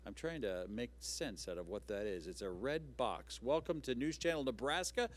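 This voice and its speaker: A man's voice: mid-range voice, animated, normal speed, slight background noise. A man hosting a live local TV talk show in a studio, chatty and upbeat with loose, rambling asides.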